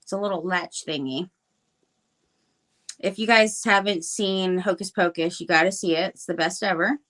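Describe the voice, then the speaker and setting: A middle-aged woman talks through her crafting on a live stream. Her voice sits fairly low, and her chat is loose and rambling, with plenty of ums and self-corrections. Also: normal speed, a bit bright. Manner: chatty and rambling, with many fillers and restarts. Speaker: crafting livestream guest.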